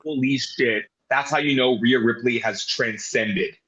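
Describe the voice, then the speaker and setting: A man's voice: medium pitch, unhurried, a bit bright, muffled recording. A man co-hosting a podcast, talking casually with strong opinions and some swearing. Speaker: podcast co-host. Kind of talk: casual chat.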